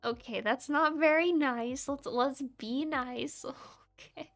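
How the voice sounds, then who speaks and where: A young woman with a high, light voice talks with her chat in a relaxed, unhurried way during a casual livestream. She giggles a lot and teases herself, and soft music plays quietly in the background. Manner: giggly, chatty and self-deprecating. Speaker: VTuber streamer and model rigger.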